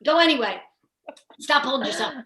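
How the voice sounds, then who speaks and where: A woman's voice: sits high, lively intonation, brisk, bright, forceful tone, slight background noise, pitched above the performer's own voice. A woman putting on her fussy scolding old grandmother. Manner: nagging, repetitive questions. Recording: roomy echo.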